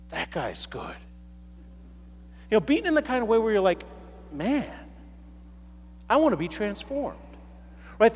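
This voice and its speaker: A man preaching a conversational sermon as a priest, talking casually with many fillers and tag questions. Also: sits high. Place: church. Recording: reverberant church hall.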